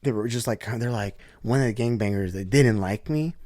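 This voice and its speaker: A man with a deep, low voice tells his story in a relaxed, animated way, slipping into the voices of the people he quotes. He restarts his sentences often as he talks. The sound is close and dry, with no room echo. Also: brisk. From Oklahoma. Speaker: podcast guest. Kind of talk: casual storytelling.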